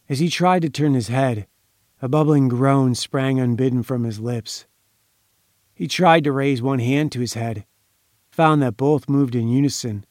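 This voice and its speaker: A man reading a crime story aloud in measured, dramatic audiobook narration. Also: medium pitch, a little mellow, no room sound, studio quality.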